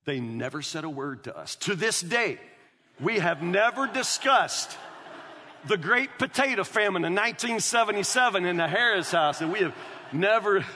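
A preacher, a man with a high, bright voice, telling a lively story from the pulpit. He keeps turning to the congregation with "y'all". The sound rings with a long hall reverb. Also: normal speed. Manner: animated storyteller, addresses the crowd as y'all. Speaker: pastor. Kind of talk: sermon storytelling.

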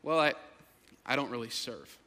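A man voicing a discouraged man stuck in a rut, who speaks low, subdued and hesitant. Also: animated, normal speed, sharp tone, in a large hall. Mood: sheepish.

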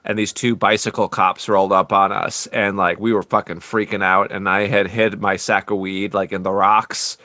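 A man's voice: on the low side, level tone, moderate pace, few pauses, bright, forceful tone, no room sound. A man telling a blunt, profane story in casual chat.

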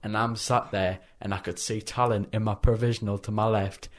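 A young man in casual chat, an animated storyteller who laughs often. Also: fairly low pitch, fairly quick.

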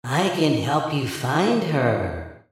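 A man voicing an eerie, childlike masked girl creature with a soft, hushed voice. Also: mid-range voice, big pitch swings, drawn-out words, very echoey.

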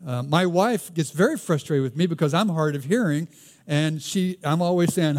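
Male preacher, Southern US accent, fairly high voice, easygoing sermon delivery. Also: normal speed, a little mellow. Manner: conversational, asks rhetorical questions, reads scripture aloud.

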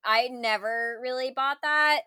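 A woman talks through a film in loose, animated conversation, her voice sitting a little high. She piles on fillers and quick asides. The recording is close and dry. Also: clean tone, no echo. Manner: animated, fast, laughing, lots of fillers. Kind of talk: casual chat reviewing a film.

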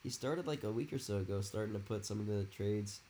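A man's voice: lowish voice, fairly quick, mellow, slight background noise. A man who is a guest on a podcast, chatting casually about a fantasy league and rambling with lots of "it's like" and "you know". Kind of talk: casual fantasy football chat.

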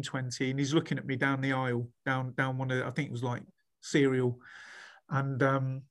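A man, a head teacher being interviewed, chatting animatedly with many restarts and acting out what others said. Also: fairly high pitch. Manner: animated storyteller, many restarts, acts out quoted speech. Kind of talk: casual podcast interview.

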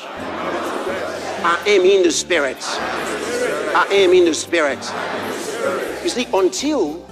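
High, animated male preacher. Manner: animated preaching, swinging from quiet storytelling to shouted exhortation. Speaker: pastor. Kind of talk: sermon.

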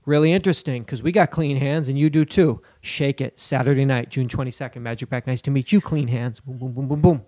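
A man's voice: medium pitch, brisk, few pauses, no room sound, clean studio sound. A man co-hosting a comedy podcast, riffing loosely with lots of swearing and jokey asides. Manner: animated, profane, riffing with bits and put-on voices. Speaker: podcast co-host. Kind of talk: casual comedic banter.

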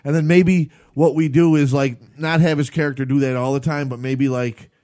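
A man's voice: fairly high pitch, steady tone, normal speed, darkish tone. Rambling man in casual comedy chat. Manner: rambling, restarts, frequent laughter. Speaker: podcast co-host.

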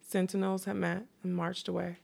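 A woman with a lowish, gravelly voice reads a fantasy novel aloud. She moves at an unhurried pace and drops in quick casual asides. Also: level tone, darkish tone. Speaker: reader.

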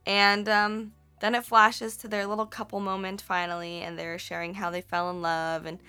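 A woman's voice: medium pitch, level tone, normal speed, sharp tone, clean tone. A woman hosting a casual movie recap, chatty and rambling, correcting herself and swearing playfully.

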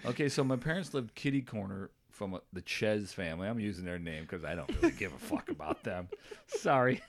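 A man's voice: fairly low pitch, fairly quick. A young man co-hosting a podcast, telling a story with lots of laughter and swearing. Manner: animated, laughs a lot, swears freely. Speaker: podcast co-host. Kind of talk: casual storytelling chat.

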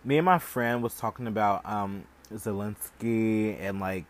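A man's voice: on the low side, a little slow. A young man hosting a podcast, ranting in heated, casual commentary full of "like" and profanity. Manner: heated, profane, heavy use of "like". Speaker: podcast host.

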